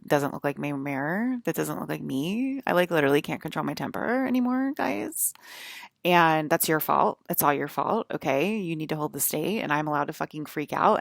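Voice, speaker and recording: A woman's voice: low voice, gravelly, no echo, clean studio sound. A woman rambling in an agitated monologue to her viewers, full of "like" fillers and swearing. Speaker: vlogger.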